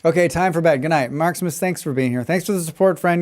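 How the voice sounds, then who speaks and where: A man with a flat General American accent, a game streamer chatting casually while he plays, rambling from point to point and humming little tunes to himself between remarks. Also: on the high side, fast talker. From western United States. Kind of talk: casual chat while gaming and reading chat.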